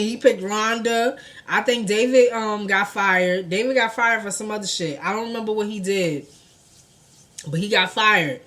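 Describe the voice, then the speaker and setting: A woman, telling a personal story to her viewers in an animated, profane, conversational way. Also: mid-range voice, normal speed. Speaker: vlogger. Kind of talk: storytime vlog.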